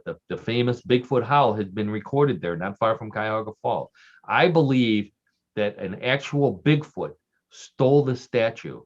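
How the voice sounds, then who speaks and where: A man telling offbeat stories in casual radio chat, joking and laughing along with his own tales. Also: lowish voice. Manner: chatty storyteller, lots of fillers and restarts, laughs at own jokes. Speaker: regular radio show guest. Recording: dull lo-fi radio sound.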